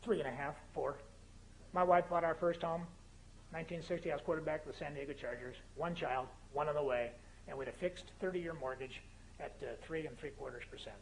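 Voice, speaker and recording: A man's voice: a little high, fairly quick, a little hiss or hum. A man in his fifties giving a political speech in a university lecture hall, building to fervent, emphatic crescendos between humorous asides. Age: 50s. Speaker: guest speaker.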